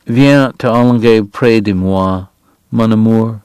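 A man voicing a devoted, clingy frontier saloon woman who coaxes softly and slips into French endearments. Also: on the low side, slow, smooth, dry recording. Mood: coaxing. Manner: soft, pleading, dropping into French endearments.

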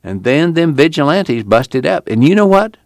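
A man voicing an earnest, excitable former preacher with a rural drawl. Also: a little high, normal speed, creaky, no echo, clean studio sound, pitched above the performer's own voice. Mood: impassioned. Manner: rural Dust Bowl drawl, impassioned.

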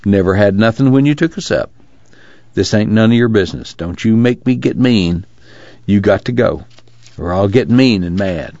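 Audiobook figure: proud stubborn rural man, read by a man, deep, dry. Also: expressive, moderate pace, darkish tone, no echo, lo-fi sound. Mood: firm. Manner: firm plain rural speech.

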